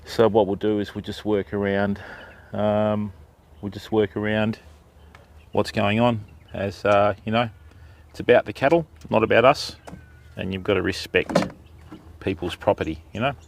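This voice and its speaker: A man's voice: fairly low pitch, steady tone, moderate pace, vocal fry, slight background noise. A middle-aged Australian man hosting an outdoor fishing livestream, casually greeting viewers by name as he talks. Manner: greets viewers by name, laid-back and chatty. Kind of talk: casual live-stream chat. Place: outdoors by a river on private property.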